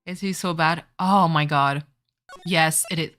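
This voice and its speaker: Brief: woman, low but bright voice, unhinged casual streamer banter. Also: fairly even intonation, measured pace, faint music behind. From Canada. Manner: joking, swearing, bursts of loud laughter. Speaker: streamer playing a game. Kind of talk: casual live-stream chat.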